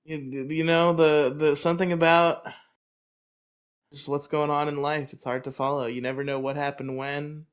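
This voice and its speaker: A man co-hosting a podcast in casual chat, riffing in a rambling, profane, animated way. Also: a little high, moderate pace, clear, resonant tone. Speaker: podcast co-host.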